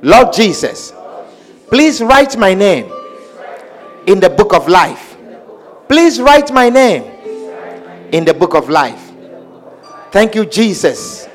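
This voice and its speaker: A male preacher with a high voice, drawing out his words slowly as he pleads with the congregation. He repeats himself fervently, slips into tongues, and leads a repeat-after-me prayer. Soft instrumental music plays behind him. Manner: fervent, repetitive, speaks in tongues; leads call-and-response prayer. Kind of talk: altar call sermon.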